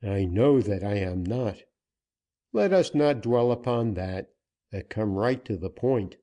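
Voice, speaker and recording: A grim western gunman laying down his terms, voiced by a male audiobook reader. He speaks coldly and deliberately, slow-paced, with a dark, mellow tone and only slight lift above the reader's plain voice. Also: lowish voice, lively intonation. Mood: commanding. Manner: commanding, cold, deliberate. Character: grim, steely male gunman seeking vengeance.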